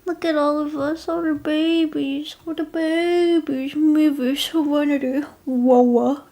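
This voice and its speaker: A young woman streaming live, chatting casually and gushing, often dropping into soft whispers. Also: high voice, steady tone, slow.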